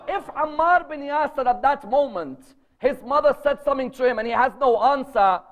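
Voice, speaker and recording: A man's voice: very high voice, normal speed, fairly bright tone. A man preaching to a live audience, emphatic and storytelling, firing rhetorical questions. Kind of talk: religious lecture to a live audience. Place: lecture gathering.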